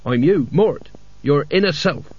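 A man's voice: on the high side, expressive, unhurried, a little mellow, slightly rough, dry recording. A man reading an audiobook, voicing the smug, teasing inner voice of a young man with a wry tone, on a dull lo-fi recording.

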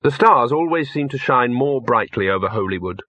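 Male audiobook narrator, measured and dry delivery, husky, mid-pitched. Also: animated, fairly bright tone, no echo, dull audio. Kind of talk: audiobook reading.

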